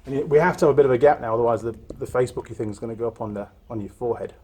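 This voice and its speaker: A man hosts a motorcycle repair vlog from his own workshop. He talks casually and rambles, trading easy banter and laughing at his own slowness. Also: medium pitch, darkish tone. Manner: rambling, chatty, self-deprecating. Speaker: motorcycle mechanic and host.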